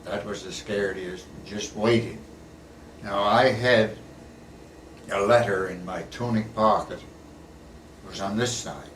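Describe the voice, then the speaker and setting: A man's voice: on the low side, fairly even intonation, slow pace, long pauses, fairly bright tone. Older man, plain-spoken veteran storyteller. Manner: plain-spoken, folksy, tags sentences with "eh". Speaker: war veteran interviewee. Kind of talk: casual storytelling interview. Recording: echoey room, recorded from a distance, faint background hiss.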